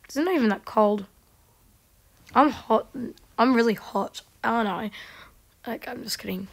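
A woman giving casual gameplay commentary, chatting to herself and mocking herself in quiet whispered asides. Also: on the high side, measured pace. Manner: chatty, talks to herself while playing. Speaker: gaming video creator.

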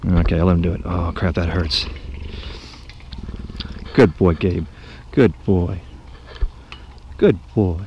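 A man's voice: sits low, steady tone, slow pace, long pauses, darkish tone, muffled recording, slight background noise. A man talking outdoors at an animal enclosure, coaxing and praising a cheetah in baby-talk while narrating aloud. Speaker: volunteer visiting a cheetah. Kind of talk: unscripted talk to an animal on camera.

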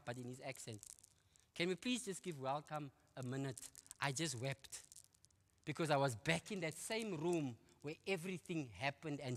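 South African man, middle-aged, church testimony, bright voice, long hall reverb. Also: high-pitched. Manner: storytelling, animated, with quick asides and laughs. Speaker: guest speaker giving testimony. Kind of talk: testimony at a church men's conference. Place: church auditorium.

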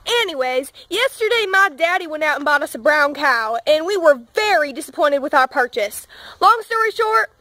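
A woman playing a cheerful country farm girl with a Southern drawl, telling deadpan one-liners. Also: sits high, moderate pace, dry recording. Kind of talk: comedy sketch.

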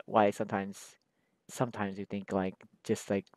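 A man's voice: lowish voice, little pitch movement, moderate pace, no echo. A man chatting casually while he draws, rambling in a slangy, profane, laid-back way. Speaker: artist drawing on camera. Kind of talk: casual chat while drawing.

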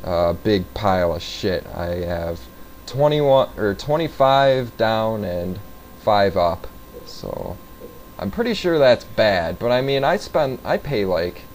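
A man with a very low voice talks through his gameplay in an offhand, rambling way, cursing casually as he goes. Faint ambient noise sits behind him. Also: expressive, takes it slowly, darkish tone, low-quality recording. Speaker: gaming video host.

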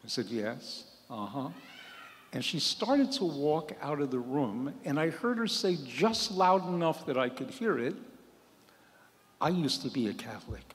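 A man's voice: a little high, big pitch swings, unhurried. A man in his seventies, a priest, telling a humorous personal story in a sermon and acting out the voices of the people in it. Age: 70s. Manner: humorous, acts out quoted voices. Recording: long hall reverb.

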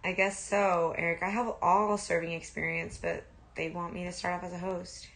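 A woman's voice: on the low side, little pitch movement, moderate pace, fairly bright tone. A young woman casually chatting on a livestream, reading and answering viewer comments and swearing now and then. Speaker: livestream host.

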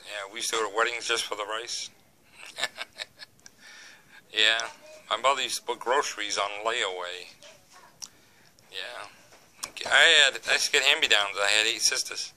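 A man's voice: on the low side, normal speed, long pauses, sharp tone. An older man with a Boston accent chatting casually in a home vlog, rambling and leaning on "you know" between folksy jokes. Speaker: vlogger.

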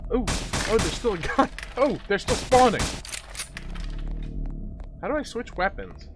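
A man's voice: high-pitched, animated, a little slow, noisy background. A man commenting on a horror shooter as he plays, reacting in jumpy exclamations and laughs. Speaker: gamer playing a horror shooter. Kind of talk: let's play commentary. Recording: game music playing behind.

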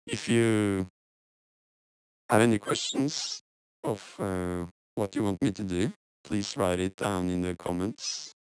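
Robot-filtered man, very deep and slow, crisp dry sound, hesitant live-stream host. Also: dry recording, poor audio. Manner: hesitant, apologetic, many fillers. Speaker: music producer hosting a live stream. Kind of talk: casual live-stream talk. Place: home studio.

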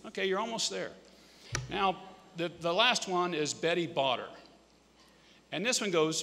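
A man's voice: sits high, a little slow, gravelly, pauses often, sharp tone. A middle-aged man from Kansas, a state governor giving an earnest conference speech in a folksy storytelling manner. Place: large conference hall. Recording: echoey conference hall.

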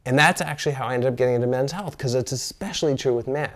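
A man's voice: medium pitch, very fast. A man, a physician guest, telling a story in casual conversation and acting out the dialogue. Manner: animated, acts out quoted dialogue.

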